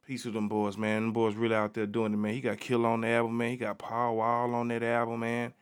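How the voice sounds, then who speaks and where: A man's voice: mid-range voice, completely flat delivery, brisk, smooth. A man hosting a casual solo podcast, talking in a laid-back, slangy way and peppering his talk with "man". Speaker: podcast host.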